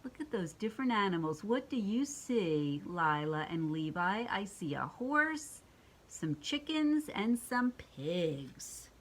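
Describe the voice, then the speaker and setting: An older woman reading picture books aloud to her grandchildren, gentle and expressive, asking them questions as she goes. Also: medium pitch, slow. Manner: gentle and expressive, asking the children questions and acting out animal sounds.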